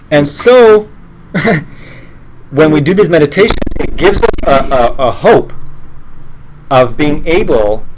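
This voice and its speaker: A man teaching a live meditation class in an earnest, conversational way, breaking off and restarting his sentences and adding joking asides. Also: a little high. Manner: conversational, earnest, self-interrupting.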